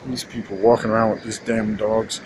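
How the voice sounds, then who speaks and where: A man's voice: fairly low pitch, little pitch movement, brisk, noisy background. A man ranting in a casual, rambling monologue, cursing often and restarting his sentences. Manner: rambling, profane, many restarts and fillers.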